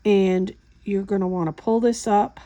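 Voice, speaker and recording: Craft tutorial host, woman, unhurried chatty step-by-step delivery, mellow tone. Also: medium pitch, muffled recording. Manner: relaxed, chatty step-by-step explaining. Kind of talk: hands-on craft demonstration.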